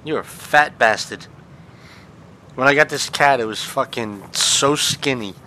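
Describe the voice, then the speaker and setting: A man's voice: medium pitch, a little slow, bright, forceful tone, a little hiss or hum. A man streaming a game from home, chatting casually and swearing freely. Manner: laid-back, swears freely. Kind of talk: casual live-stream chat.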